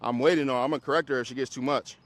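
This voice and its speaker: A man who trains dogs, coaching a group class in a casual, hands-on way, giving quick commands to dogs and explanations to owners. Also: medium pitch, fairly even intonation, a bit bright, no echo. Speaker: dog trainer.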